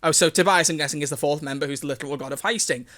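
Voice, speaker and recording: A man's voice: on the high side, rapid-fire, sharp tone. A man streaming live, reading fan fiction aloud with amused, self-mocking commentary. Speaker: livestreamer.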